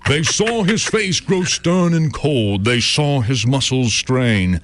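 A comedian with an animated, medium-pitched voice performs a comic poem for a live audience in a mock-epic, rhythmic style, with rhythmic pauses. Audience laughter and slight background noise can be heard.

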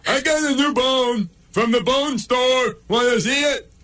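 A man's voice: extremely high pitch, measured pace, bright, forceful tone, pitched above the performer's own voice, exaggerated voice. A man voicing a small, dim-witted male chihuahua sidekick. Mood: gleeful.

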